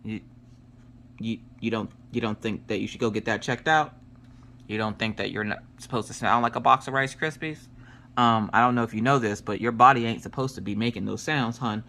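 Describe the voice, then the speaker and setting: A woman in her thirties chatting casually while she works on a craft project, telling family stories in an animated way. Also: very deep voice, a little fast. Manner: animated storyteller, acts out family quotes. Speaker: crafting vlogger. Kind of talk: casual chat while diamond painting.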